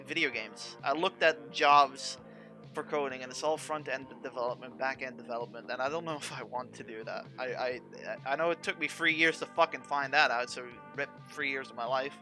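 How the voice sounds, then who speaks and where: A young man streaming games at home, ranting to his chat in a restless, profane way and often trailing off to restart. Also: mid-range voice. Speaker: game streamer.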